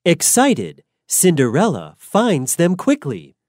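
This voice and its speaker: Woman narrator, low voice, lively melodic reading, slow careful storybook pacing, dry close sound. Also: no echo.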